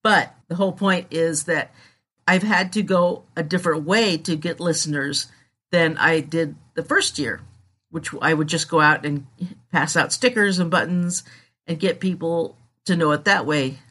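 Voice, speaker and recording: A woman's voice: low voice, unhurried, fairly bright tone, slightly rough. A woman hosting her own podcast, talking candidly and in a rambling way about her show. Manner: candid, rambling, self-deprecating. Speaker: podcast host. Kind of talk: casual solo podcast talk.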